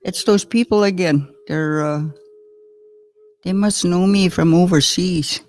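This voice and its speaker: A woman teaching words in a slow, patient language lesson. She chats between words, chuckles often and sounds out each new word carefully. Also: lowish voice, darkish tone.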